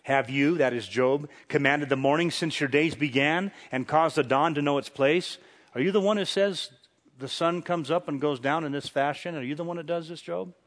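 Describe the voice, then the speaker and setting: Animated preacher man, slightly high voice. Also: moderate pace. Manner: animated, rhetorical questions, dramatic scripture reading, chuckles. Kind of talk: sermon, Bible exposition.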